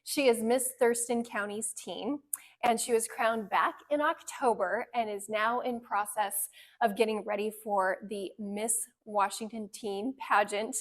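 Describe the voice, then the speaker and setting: A woman's voice: fairly high pitch, measured pace. A woman hosting an interview podcast, asking questions and murmuring agreement as her guest talks. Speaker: podcast host. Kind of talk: casual interview.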